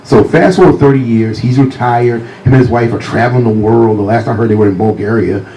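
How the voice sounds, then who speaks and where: A man with a deep voice telling humorous anecdotes as a guest author at a library talk, speaking close to a handheld mic. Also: brisk, a little hiss or hum, poor audio. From Virginia, USA. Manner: warm, humorous anecdotes, often laughing. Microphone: handheld mic close to mouth.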